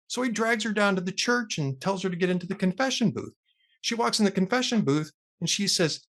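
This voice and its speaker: A middle-aged man hosts a casual talk show and tells long jokes with plenty of voice play. His voice sits a little high and swings up and down as the story goes. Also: brisk. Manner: lively storyteller, animated pitch. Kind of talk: casual joke-telling chat.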